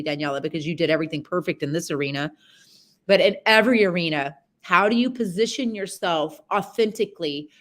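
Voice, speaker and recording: A woman's voice: lowish voice, fairly bright tone. A woman horsemanship coach talking a student through a live session over a video call, rambling, chatty and candid, with some mild swearing.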